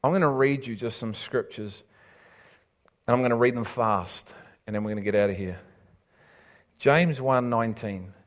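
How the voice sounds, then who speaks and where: A man's voice: medium pitch, moderate pace, long pauses. A man preaching a sermon, urging and imploring his listeners with repeated phrases and casual asides. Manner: impassioned, urging, repetitive emphasis.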